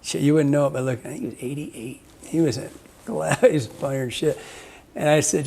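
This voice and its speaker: A man hosting a fishing podcast, his voice sitting a bit higher than most men's. He tells stories in a rambling, easygoing way, laughs often and swears freely. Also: expressive, a little fast, gravelly, dark tone, breathy edge. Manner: rambling, laughing, salty language. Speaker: podcast host, fly fishing guide. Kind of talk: casual storytelling chat.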